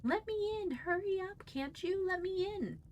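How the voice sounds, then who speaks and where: A woman voicing a scornful, vain female glass cat in a shrill, demanding, impatient voice. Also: expressive, measured pace, a little hiss or hum. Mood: haughty.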